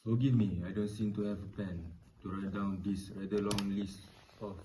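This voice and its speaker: A man playing a smooth evasive official. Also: fairly low pitch, flat delivery, normal speed, mellow, lightly acted, low-quality recording. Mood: cool. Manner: polite, dry and evasive. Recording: clear background noise.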